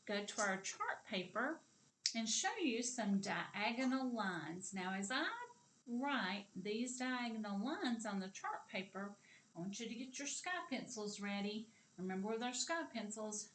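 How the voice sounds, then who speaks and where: A Southern American woman teaches kindergarteners in a very slow, drawn-out voice. Her tone is bright and clear. She praises often and speaks each word separately so the children can follow along. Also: on the high side, a little hiss or hum. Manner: slow, drawn-out, encouraging, claps words aloud. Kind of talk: kindergarten video lesson.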